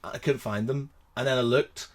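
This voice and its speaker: A man's voice: mid-range voice, steady tone, normal speed. A man from Northern Ireland, a podcast co-host, telling rambling anecdotes in casual chat and laughing at his own stories.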